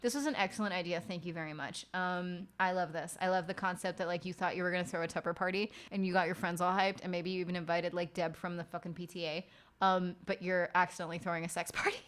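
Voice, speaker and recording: A woman's voice: on the low side, steady tone, fast, a bit bright. A young woman streamer chatting casually and frankly late at night, swearing often and rambling through stories.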